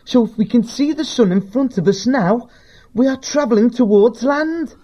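A man's voice: very high voice, moderate pace, dark tone, pitched above the performer's own voice. A man voicing an earnest young male warrior mouse who explains things patiently. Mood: reasoning. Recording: dull lo-fi recording.

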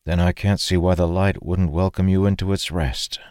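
A kindly aged man, voiced by a male narrator who speaks softly and politely. The tone is low and the recording close and dry, with a measured audiobook pace. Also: fairly even intonation, dry recording, lightly acted. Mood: gentle. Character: aged man, gentle, kind and sorrowful.

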